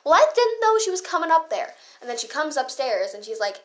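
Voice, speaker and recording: A woman's voice: a little high, moderate pace. A teenage girl hosting a podcast, ranting in a heated, profane, casual way with lots of fillers and asides. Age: teens. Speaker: podcast host.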